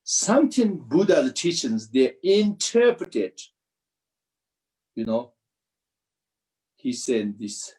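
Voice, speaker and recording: Brief: male Buddhist teacher, unhurried, halting restarts, video-call audio. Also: mid-range voice, expressive, darkish tone, rough recording. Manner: slow, halting non-native English with restarts. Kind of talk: dharma teaching commentary.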